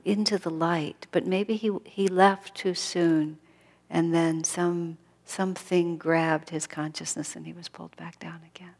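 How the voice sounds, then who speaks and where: A woman giving a thoughtful spiritual talk, dropping to a hush when she quotes others. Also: on the low side. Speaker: spiritual teacher. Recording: long reverb of a hall.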